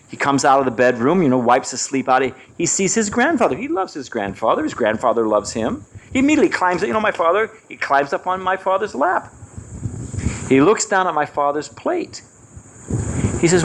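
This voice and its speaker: A man speaking at a devotional retreat, telling a personal story in an animated way and acting out the voices of the people in it. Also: a little high, moderate pace, slight background noise. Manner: animated, acts out quoted voices.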